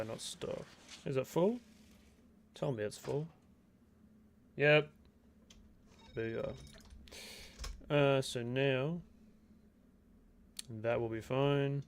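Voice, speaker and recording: A man's voice: medium pitch, extremely slow, long pauses, a little hiss or hum. Laid-back Australian man streaming a game. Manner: rambling, chatty, laid-back, self-talk while playing. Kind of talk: casual gameplay commentary.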